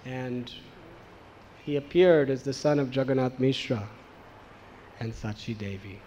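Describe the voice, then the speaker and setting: A man giving a devotional storytelling sermon, animated and acting out the voices of the people in his tale. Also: mid-range voice, unhurried, a little hiss or hum, poor audio. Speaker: spiritual teacher.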